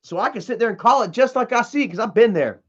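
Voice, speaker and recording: Man, high-pitched, cussing livestreamer, candid rant, muffled stream sound. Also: lively intonation, quick pace. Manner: blunt and profane, reads chat comments aloud. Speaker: livestream host reading chat. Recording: dull lo-fi stream audio.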